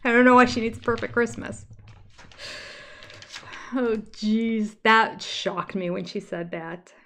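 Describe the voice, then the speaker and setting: A woman's voice: on the high side, slow pace, fairly bright tone, a little hiss or hum. An older woman hosting a casual livestream commentary, talking in a gossipy, exasperated way that slips into mocking whispers. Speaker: reality TV reviewer.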